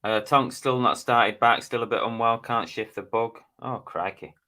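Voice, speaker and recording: A man's voice: medium pitch, normal speed, bright, forceful tone. A middle-aged man, hosting a casual live stream and chatting as he reads out viewers' names and comments. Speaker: live stream host reading chat.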